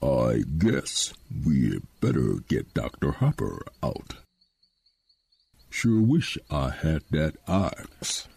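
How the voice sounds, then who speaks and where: A man's voice: very deep voice, very slow, vocal fry, slightly rough, no room sound, full character voice. A man voicing a dry-witted, teasing male ship commander. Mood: deadpan. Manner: deadpan teasing.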